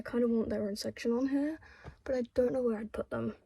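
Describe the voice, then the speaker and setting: A young woman chatting casually through a reading vlog at home, emotional and swearing freely, drifting between soft murmurs and excited outbursts. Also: on the high side, a little fast, vocal fry, husky. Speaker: book vlogger.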